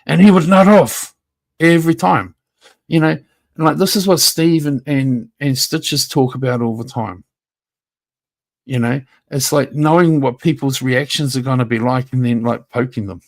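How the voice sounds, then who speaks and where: A man's voice: mid-range voice, fairly even intonation, moderate pace. Profane, taunting man ranting on stream. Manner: talks straight at a rival, repeats himself. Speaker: YouTube livestreamer. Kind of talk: livestream rant.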